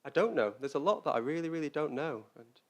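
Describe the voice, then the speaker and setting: Halting, reflective male Dharma teacher. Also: on the high side, expressive. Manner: reflective, halting, repeats words while searching for them. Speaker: Buddhist teacher. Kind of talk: Dharma talk.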